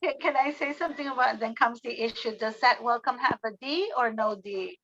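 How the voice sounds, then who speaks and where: A woman's voice: a little high, a little fast, a bit bright, highs cut off. A woman who teaches at a private school, speaking up conversationally in an online meeting over a video call. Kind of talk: participant sharing in an online meeting.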